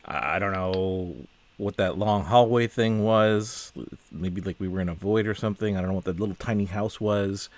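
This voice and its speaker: Slightly low-voiced, exasperated man reacting. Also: fairly even intonation, normal speed, dry recording. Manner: puzzled, exasperated, asks many questions; trails off and restarts mid-sentence. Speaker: host reacting to a film. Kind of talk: casual reaction commentary.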